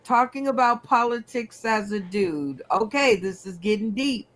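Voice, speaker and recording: A woman hosting a comedy game show over a video call, playful and unhurried as she recaps everyone's picks. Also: on the high side, expressive, crowd noise.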